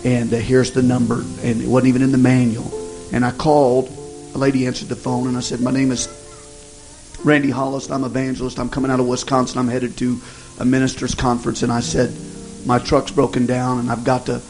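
A man preaches as he retells a story from his own travels, his voice rough and gravelly. He speaks in a folksy, halting way, often circling back to restart a sentence. Music plays clearly behind him the whole time. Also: mid-range voice, monotone, poor audio. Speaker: evangelist. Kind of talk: sermon testimony storytelling.

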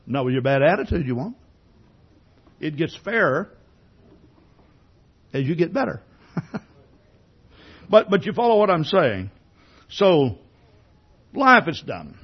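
Lively husky male pastor preaching. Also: fairly high pitch, slow, long pauses, dull audio. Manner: conversational preaching with many rhetorical questions; repeats words when starting sentences. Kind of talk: sermon.

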